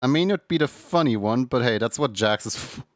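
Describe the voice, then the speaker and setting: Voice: mid-range voice, animated, fairly quick, no room sound, clean studio sound. A streamer in casual chat with viewers, rambling and laughing often.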